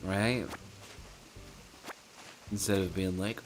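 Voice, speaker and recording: A man's voice: low-pitched, a little slow, faint music behind. A man chatting casually while playing a game, rambling with self-mocking jokes and asides. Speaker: gaming streamer.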